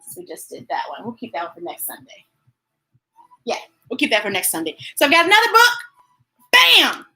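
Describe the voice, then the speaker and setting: A woman hosting a children's storytime with a bright, high voice that swoops up and down all the time. She is playful and chatty and laughs easily. She talks in an unhurried way. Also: rough recording. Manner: animated and playful, talks to children and reads chat messages; laughs easily and gets emotional. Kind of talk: live read-aloud storytime chat.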